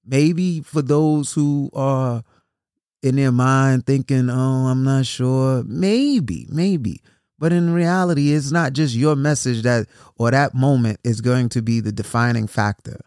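A man's voice: medium pitch, slow, a little mellow, no room sound, studio quality. A man who hosts a podcast and works as a motivational speaker. He talks casually and keeps repeating words and asking "right?". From New York City. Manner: conversational, repeats words, asks "right?" often. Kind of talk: casual solo podcast talk.

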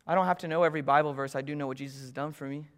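Young man preaching, high voice, storytelling, loud then hushed, long hall reverb. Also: fairly even intonation, rapid-fire, clean tone. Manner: storytelling, swings from loud urgency to hushed intimacy. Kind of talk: sermon.

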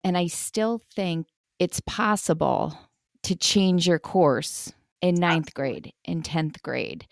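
A woman's voice: on the low side, slow pace, vocal fry, no room sound, studio quality. A woman hosting a podcast interview, affirming her guest in a friendly way. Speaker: podcast host. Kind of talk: interview chat.

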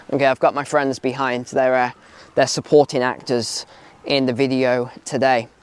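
A man's voice: a little high, darkish tone, clear, resonant tone, no echo. A man talking outdoors on a walk, giving emphatic opinions and repeating phrases for stress. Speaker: video commentator. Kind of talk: casual opinion vlog while walking.

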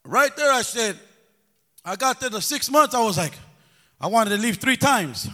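A man's voice: extremely high pitch, animated, normal speed, pushed and bright. A man preaching a sermon to a congregation, calling for responses and sometimes slipping into a sing-song cadence. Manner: call-and-response exhortation, breaking into sing-song. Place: church hall. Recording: long echo of a big hall.

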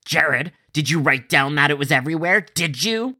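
A man's voice: a little high, lively intonation, normal speed, sharp tone, heavily acted. A man voicing a furious woman caller who got sick, crude and accusing, dragging out her words. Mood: indignant.

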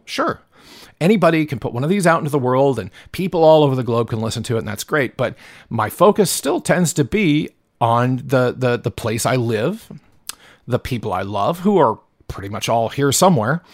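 The speaker is a podcast host from the Pacific Northwest of the US delivering a solo monologue, worked up and profane, with many stumbles and restarts. He has a medium-pitched voice, and the audio is studio quality with no echo.

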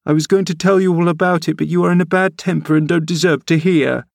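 A man reading an audiobook, voicing an excitable, willful thirteen-year-old girl in a high chattering voice. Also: fast, vocal fry, no room sound, studio quality. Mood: sulky.

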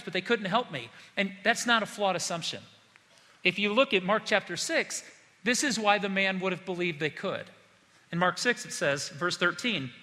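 A man preaches an expository sermon in a slightly high, bright voice. He speeds up and slows down and rises and falls in loudness to drive his points home. His words ring out with the long reverb of a church hall. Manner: expository preaching, shifting pace and volume for emphasis. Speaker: pastor.

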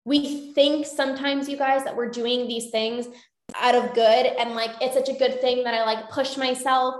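A woman's voice: a little high, fairly even intonation, normal speed, echoey room. A young adult woman coaching her listeners in a motivational talk, earnest and repeating phrases for emphasis.

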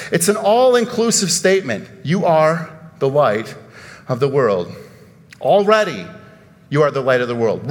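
A man with a high-pitched voice preaches to his congregation. He talks animatedly, with emphatic outbursts and rhetorical questions. His voice rings out with a long reverb, as in a large hall. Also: a bit bright. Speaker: pastor. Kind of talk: sermon.

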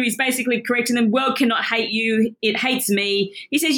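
A woman's voice: on the high side, fairly even intonation, a little fast, hardly any pauses, a bit bright. Enthusiastic woman teaching the Bible. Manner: enthusiastic, chatty, laughs often.

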